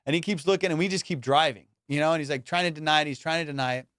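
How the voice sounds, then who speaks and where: A male comedian hosting a podcast, telling high school stories in a slangy, animated way and acting out the people in them. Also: rapid-fire, no room sound, clean studio sound. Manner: slangy, animated, acts out quoted voices. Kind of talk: casual storytelling.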